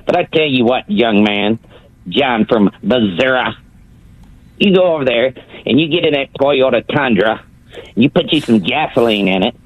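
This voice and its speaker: A man's voice: lowish voice, no echo. A man phones in to a sports talk show and delivers a taunting, theatrical rant. The audio is dull and lo-fi, with a dry, close sound. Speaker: caller. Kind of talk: sports radio call-in rant.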